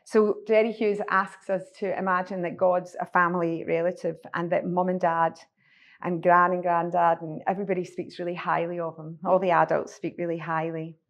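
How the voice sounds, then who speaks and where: A woman's voice: lowish voice, flat delivery, normal speed. Scottish woman leading a workshop. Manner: storytelling, frequent ums and restarts. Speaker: workshop presenter. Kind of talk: conference workshop talk. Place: conference room.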